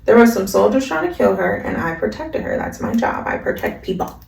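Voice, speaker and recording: A woman's voice: medium pitch, very animated, brisk, vocal fry, darkish tone, recorded from a distance. A woman voicing a blunt, weary young male hero from an anime, matter-of-fact, recorded in an echoey room.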